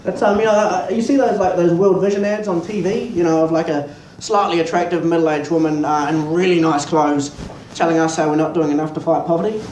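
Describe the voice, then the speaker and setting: A young man with a New Zealand accent doing a stand-up comedy set, deadpan, profane and self-mocking. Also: on the high side, brisk, few pauses. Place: small pub stage. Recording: echoey pub room, mic far off, noisy.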